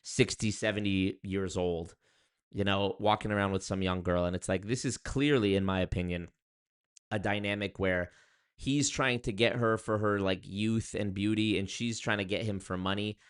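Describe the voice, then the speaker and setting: A young man from Canada telling dating stories to camera in a casual, sarcastic monologue, jumping up into loud exclaims. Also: moderate pace, clean tone. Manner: animated, sarcastic, jumps to high exclaims. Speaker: vlogger.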